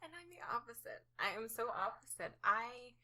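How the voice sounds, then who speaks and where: Giggly, bright-voiced young woman. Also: fairly high pitch, moderate pace. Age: 20s. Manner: giggly, laughs often, animated storytelling. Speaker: podcast co-host. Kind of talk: casual chat.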